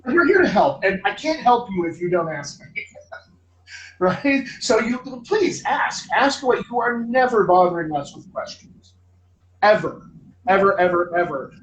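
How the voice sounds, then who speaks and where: A man's voice: high-pitched, a bit bright. A man hosting a live online Q&A as a dialect coach, encouraging and emphatic, often repeating words for stress. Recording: echoey room, faint ambient noise.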